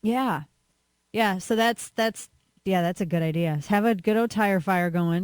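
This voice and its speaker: A woman's voice: medium pitch, unhurried, a little mellow, clean tone, no echo. Woman, talk radio host; sarcastic rambling rant, dry close-miked studio voice.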